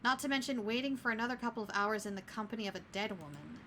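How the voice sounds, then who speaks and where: A woman's voice: medium pitch, animated, fast, bright, forceful tone, slight background noise. A woman streamer reading a story game aloud, breaking off to apologize and joke.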